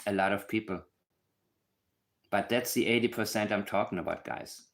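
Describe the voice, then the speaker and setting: A man's voice: lowish voice, fairly even intonation, moderate pace. Blunt, emphatic man hosting a livestream. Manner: emphatic and blunt, with many asides to the chat. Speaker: channel host analyzing a case. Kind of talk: casual livestream commentary.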